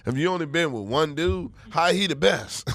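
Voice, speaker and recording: A middle-aged comedian, guesting on a podcast in a radio studio, riffs brashly and profanely, shouting some bits. His voice is on the high side at normal speed, picked up by a studio mic.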